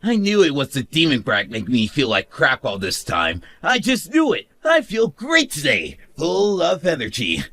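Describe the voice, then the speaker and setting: A man's voice: on the high side, huge pitch swings, normal speed, hardly any pauses, full character voice. A man voicing a smug, cruel young husband who mocks his wife and laughs at her. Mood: gloating. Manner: sneering, mocking laughs, shouts. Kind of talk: animated story narration.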